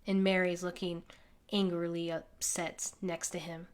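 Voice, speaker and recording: A woman reading a children's picture book aloud in an animated way, pointing out the pictures with small laughs. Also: fairly low pitch, unhurried. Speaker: conservation group organizer reading to children.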